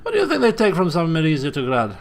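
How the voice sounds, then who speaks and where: A man voicing a weary, dryly evasive female trucker in a put-on Spanish accent, drawling low and unhurried. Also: wildly swooping pitch, a little hiss or hum. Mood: sly.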